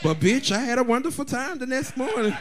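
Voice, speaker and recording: A man chatting as a drag performer guest, telling bawdy stories in an animated, laughing way. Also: very high-pitched, a little fast. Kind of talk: casual chat.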